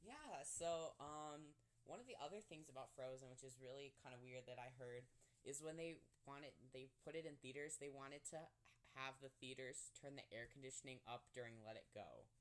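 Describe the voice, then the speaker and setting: A young man hosts a relaxed podcast conversation at an ordinary, middling pitch. He rambles happily, giggles often and fills his sentences with "like" and "um". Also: moderate pace, clean tone. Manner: chatty, giggly, lots of fillers like "like" and "um". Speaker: podcast host. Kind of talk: casual chat.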